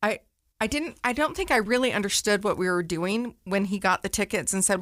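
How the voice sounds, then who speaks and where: A woman's voice: medium pitch, fairly quick, a bit bright, no echo. Podcast host woman, dry close voice. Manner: open and personal, shares her own fears. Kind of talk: casual interview chat.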